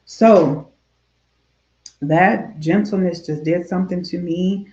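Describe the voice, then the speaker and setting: A woman minister giving a gentle devotional talk on grief straight to camera, soft and repetitive, with many fillers and prayerful pauses. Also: lowish voice, roomy sound, dull audio.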